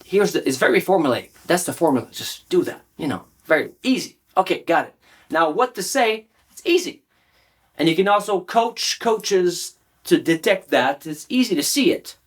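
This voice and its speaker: A male public speaking coach talks straight into the camera with a lively, swooping pitch. He is emphatic and animated, hammering his points and checking in with quick questions to the viewer. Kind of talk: direct-to-camera coaching talk.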